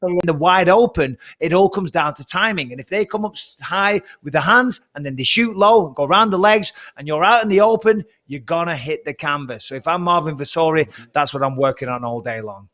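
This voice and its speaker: A man's voice: fairly high pitch, a little fast. A man, a former fighter working as a studio pundit, telling jokey stories in casual chat. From Britain. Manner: animated, jokey storytelling.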